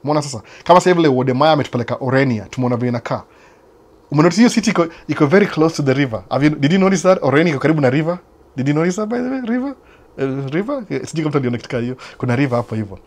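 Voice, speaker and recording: A man's voice: a little high, animated, rapid-fire, darkish tone. A man from Kenya with a Kenyan accent, hosting a casual chat that answers viewers, mixing Swahili and English and often repeating his phrases. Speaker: host. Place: United States.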